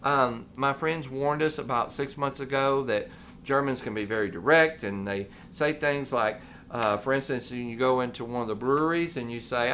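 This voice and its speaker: A man's voice: medium pitch, normal speed, bright, forceful tone, slight background noise. A man, co-hosting a casual talk show and telling long stories full of quoted dialogue. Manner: rambling, storytelling with quoted dialogue. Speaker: podcast co-host. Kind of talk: casual chat.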